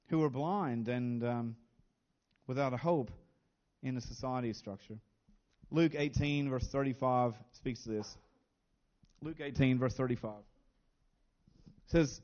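A man's voice: medium pitch, darkish tone. Earnest male pastor, dull lo-fi sound. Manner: earnest, repeats words when stressing a point. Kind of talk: sermon.

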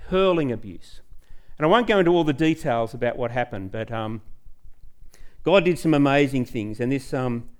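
A middle-aged man, preaching a sermon in a church and telling personal stories with growing excitement. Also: medium pitch, normal speed. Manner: storytelling, animated, rising excitement. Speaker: pastor.

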